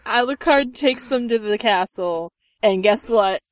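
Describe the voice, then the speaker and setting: A woman's voice: a little high, a little slow, no room sound. A woman co-hosting a podcast, recapping a cartoon in casual chat with cheerful asides. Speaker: podcast co-host.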